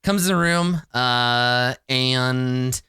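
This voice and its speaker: A man's voice: medium pitch, very slow, pushed and bright, clear, resonant tone, dry recording, studio quality. A man running a tabletop game as game master, laughing often while he narrates the action.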